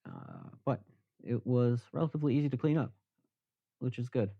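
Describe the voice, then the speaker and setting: A man's voice: medium pitch, wildly swooping pitch, moderate pace, vocal fry, no echo, dull audio. A man casually chatting with viewers on a live stream, rambling and self-deprecating.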